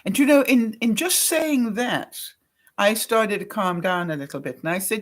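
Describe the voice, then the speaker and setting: A woman's voice: mid-range voice, lively intonation, normal speed. An older woman from Canada, a vlogger telling a personal story in a chatty way, laughing often and acting out the lines of the people she quotes. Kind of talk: casual storytelling to camera.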